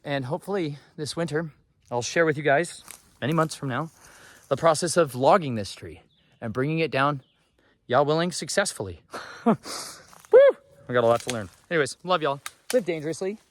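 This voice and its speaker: Folksy, excitable man on a forest walk. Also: medium pitch, slight background noise. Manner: folksy, excitable, talks straight to viewers. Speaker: homesteader vlogger. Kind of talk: walk-and-talk forest vlog. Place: outdoors in a forest.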